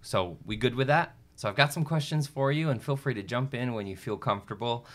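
A man's voice: medium pitch, brisk. A man hosting a podcast, chatting in a friendly, rambling way and often correcting himself. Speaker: podcast host. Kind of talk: casual interview chat.

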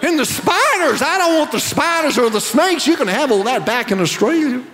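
A preacher putting on a whiny traveler's mock accent. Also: male voice, very high voice, sing-song, moderate pace, a bit bright, a faint crowd, a little hiss or hum, pitched above the performer's own voice, exaggerated voice. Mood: exasperated. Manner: exaggerated, whining exclamations. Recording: long reverb of a large church hall.

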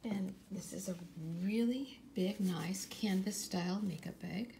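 A woman from California chatting through a casual unboxing at home, gushing over each item and often dropping into a soft whisper. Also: mid-range voice, a little slow, creaky, a little hiss or hum. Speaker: vlogger.

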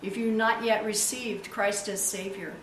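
A woman's voice: medium pitch, steady tone, measured pace. Emphatic woman pastor in echoey room. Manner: emphatic, stretches key words for effect. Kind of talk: sermon and prayer. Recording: echoey room, distant mic, faint hiss.

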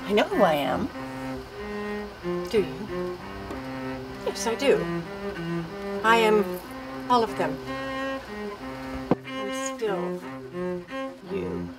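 An older actress playing a faded star who talks to herself in a brooding, pleading film monologue. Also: female voice, medium pitch, expressive, extremely slow, pauses often, poor audio. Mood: desperate. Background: cello music.

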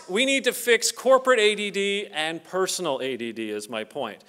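A middle-aged Canadian man, speaking in a smooth, high-pitched voice, gives a conference keynote. He's an animated storyteller who acts out what the people in his stories said.

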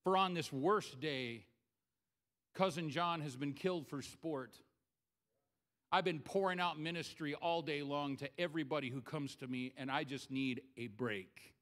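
A man preaching who acts out Jesus as weary, kind and gently exasperated, pleading for a break. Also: fairly high pitch, measured pace, voice pushed down. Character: weary Jesus, kind but done with crowds.

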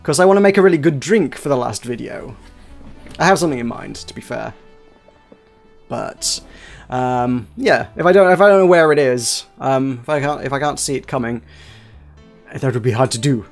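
A man's voice: mid-range voice, moderate pace, gravelly, long pauses, faint music behind. Chatty man narrating a game. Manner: rambling, self-interrupting, chatty. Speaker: let's play host. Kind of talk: casual game commentary.

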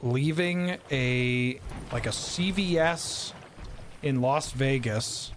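A man streaming a video game, chatting in a jokey, animated way and telling stories. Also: medium pitch, slow pace, slight background noise. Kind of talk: casual gaming stream banter.

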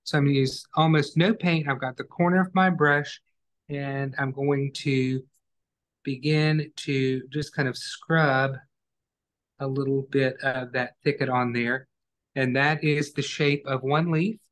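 A man teaching an online acrylic painting class, giving calm, step-by-step instructions as he works. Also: mid-range voice, a little slow.

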